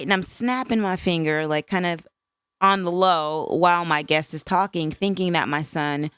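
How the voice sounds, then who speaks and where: Woman, 50s, podcast host: low, smooth voice, dry close sound, candid and conversational. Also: fairly bright tone, no echo. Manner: candid, conversational, frequent "right?" asides. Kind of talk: solo podcast reflection.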